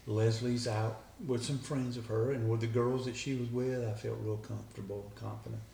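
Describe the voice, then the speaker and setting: A man's voice: mid-range voice, level tone, normal speed, gravelly, dark tone, recorded from a distance, a little hiss or hum. A man, a guest earnestly retelling a conversation line by line. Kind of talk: personal storytelling. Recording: echoey room with faint background ambience.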